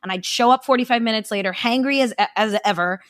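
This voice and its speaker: A woman's voice: fairly high pitch, quick pace, a bit bright, dry recording, studio quality. A young adult woman telling her story as a podcast guest, candid and chatty with casual swearing. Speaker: guest, event founder.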